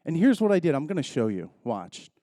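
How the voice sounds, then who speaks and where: A man's voice: on the high side, big pitch swings, fairly quick, mellow, no echo, clean studio sound. A man in his thirties giving a conference keynote, telling jokes in a chatty storytelling way. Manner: joking, conversational storyteller. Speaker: keynote speaker.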